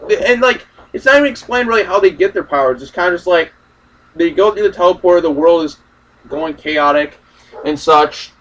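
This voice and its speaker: A man's voice: sits high, brisk, a bit bright, distant mic, slight background noise, poor audio. A young man ranting in a casual, profane, rambling way about a film he just saw. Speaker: movie reaction host. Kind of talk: casual ranting movie discussion.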